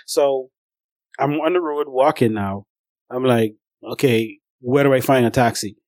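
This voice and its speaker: A man's voice: medium pitch, brisk, darkish tone, dry recording. A man telling a long, rambling story about his travels in a casual, conversational way, speaking straight to his viewers.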